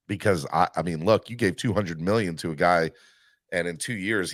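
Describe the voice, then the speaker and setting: A man hosting a live sports fan podcast, talking in an animated, rambling way with many fillers. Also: sits low, dry recording, clean studio sound. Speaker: podcast host.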